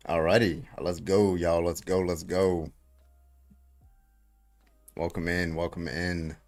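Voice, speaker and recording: A man with a notably low, deep voice hosts a casual livestream debate. He is brash and hyped, swears freely and fires questions at callers. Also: flat delivery, slow, darkish tone, faint music behind. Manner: hyped, brash, profane, calls out viewers.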